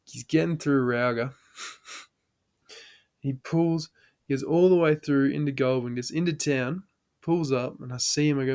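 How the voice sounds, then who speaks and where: A man's voice: mid-range voice, normal speed, vocal fry, long pauses, darkish tone. A man with an Australian accent hosting a podcast, telling a story in a casual way, laughing often and swearing freely. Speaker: podcast host.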